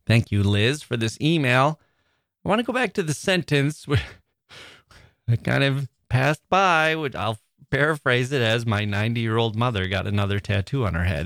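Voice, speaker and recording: A man's voice: medium pitch, no echo, clean studio sound. A man hosting a literature podcast in a reflective, wry, conversational way, chuckling now and then. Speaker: podcast host.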